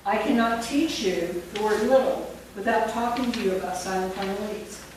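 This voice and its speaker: A woman's voice: mid-range voice, moderate pace, a little mellow. Female workshop instructor, quizzing and dictating; distant mic, echoey room, noisy. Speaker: teacher trainer. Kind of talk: teacher training workshop. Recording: very echoey room from far off, with noise.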